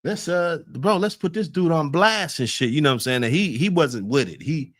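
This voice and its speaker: A man's voice: fairly high pitch, animated, normal speed, fairly bright tone. A man from the United States hosting a casual street talk, laid-back and rambling, often trailing off.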